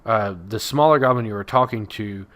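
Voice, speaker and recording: A man's voice: on the low side, a little fast, a bit bright. A man acting as dungeon master, narrating a tabletop game in a casual way with lots of fillers.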